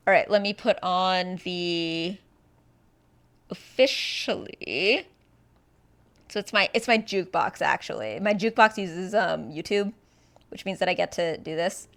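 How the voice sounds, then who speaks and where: A woman's voice: medium pitch, expressive, moderate pace. A woman streaming live, chatting casually and rambling playfully, a little tipsy, breaking into snatches of song.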